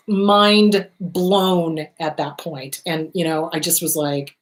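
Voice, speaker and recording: A woman counselor hosting a show, giving blunt, emphatic advice in a lively, direct way. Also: low-pitched, takes it slowly.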